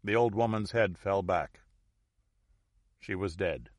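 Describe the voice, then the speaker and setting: A man narrating an audiobook in a measured, deliberate storytelling manner. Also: low voice, dry recording.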